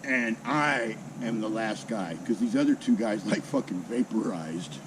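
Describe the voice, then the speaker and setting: A man's voice: on the low side, measured pace, noisy background. A man in his sixties telling a salty personal story in a casual, heavily profane way. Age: 60s. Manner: heavily profane, salty, animated with mimicked sounds.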